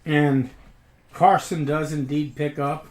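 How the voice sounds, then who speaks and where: A man's voice: a little high, steady tone, slow pace. A man narrating as game master in a tabletop role-playing game, dry and wry. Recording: echoey room.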